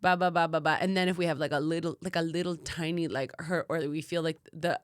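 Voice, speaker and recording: A podcast co-host with a low, resonant voice speaks fast and clearly in casual chat. She tells animated stories loaded with fillers and acts out quotes, in a clean studio recording with no room sound.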